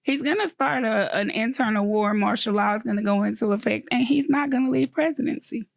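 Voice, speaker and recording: A woman co-hosting a casual podcast chat, giving slow, emphatic opinions. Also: a little high, creaky, no echo. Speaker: podcast co-host.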